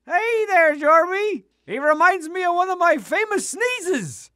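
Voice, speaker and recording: A man's voice: very high voice, big pitch swings, unhurried, sharp tone, no echo, studio quality, heavily acted. A man voicing a dim, goofy cartoon hero who drawls his words. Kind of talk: cartoon voice acting.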